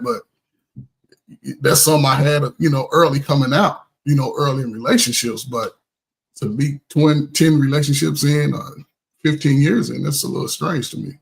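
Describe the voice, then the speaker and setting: A man's voice: medium pitch, normal speed, gravelly, husky, poor audio. A man speaking bluntly as a panelist in a casual discussion and laughing often.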